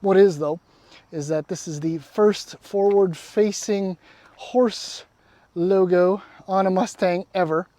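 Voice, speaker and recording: Man in his forties, rambling wry car review, higher-pitched voice, dry close sound. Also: fairly even intonation, slow, warm tone, no room sound. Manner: rambling, wry, self-deprecating, trails off. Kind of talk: casual car review walkaround. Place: outdoors beside a parked car.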